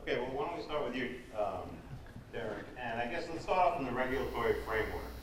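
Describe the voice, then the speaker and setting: A man moderating a conference panel, talking in a relaxed, conversational way with fillers. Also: mid-range voice, fast talker, background noise.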